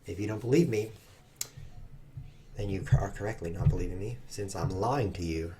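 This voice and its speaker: A man's voice: low-pitched, normal speed, heavy background noise. A man giving rambling, self-mocking live commentary while he plays online chess at his computer. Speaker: chess streamer.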